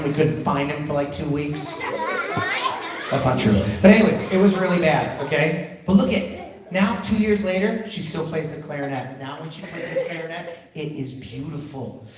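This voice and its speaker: A man telling stories to schoolchildren at an assembly, animated and playful, calling the kids his friends. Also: on the high side. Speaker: children's musician speaking at a school assembly. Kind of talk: storytelling motivational talk to children. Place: school gym or auditorium with a crowd of kids. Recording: echoey hall from far off with crowd.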